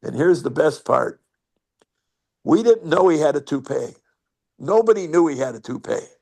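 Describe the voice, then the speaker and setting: Gravelly older man telling salty stories. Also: a little high, expressive, normal speed, dark tone. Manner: rambling, salty storytelling. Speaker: guest storyteller. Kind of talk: anecdote over video call. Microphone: video call.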